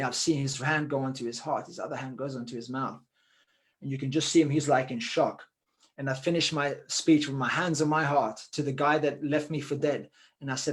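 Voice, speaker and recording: A man on a forum panel telling a heartfelt personal story, earnest and emotional, often talking quickly but slowing down to stress key words. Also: fairly high pitch.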